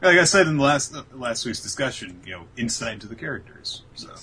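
A man co-hosting a casual anime podcast, with a bright, tense tone and a very lively pitch. He acts out the characters' lines, swears freely and laughs as he goes. His voice is not clean. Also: fast, slightly rough. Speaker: podcast co-host.

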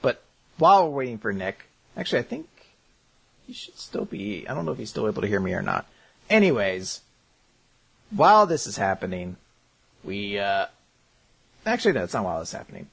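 A man hosting a podcast, giving a casual anime recap in an animated storytelling style with frequent swearing. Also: lowish voice, brisk, creaky, pauses often, slightly rough. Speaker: podcast host. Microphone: computer mic on a video call.

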